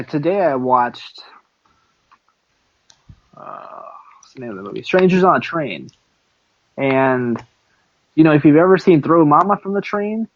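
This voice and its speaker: Teasing man chatting on a lo-fi podcast. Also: fairly high pitch. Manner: joking, teasing, rambling with fillers. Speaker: podcast co-host. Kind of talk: casual chat.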